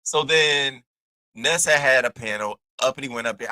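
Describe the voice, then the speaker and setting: Sassy gossip host guy, bright sharp voice, dry close sound, squeals high when worked up. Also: normal speed, clean tone, no echo. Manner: animated and sassy, lots of slang and cussing; jumps into high squealing bursts. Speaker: commentary host. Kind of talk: casual gossip commentary.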